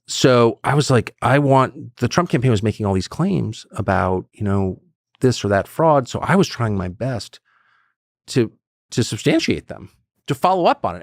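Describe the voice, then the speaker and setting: Emphatic middle-aged man, gravelly voice. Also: medium pitch, no room sound, studio quality. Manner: emphatic, acts out quoted voices; blunt, swears. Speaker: political commentator. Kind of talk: animated podcast conversation.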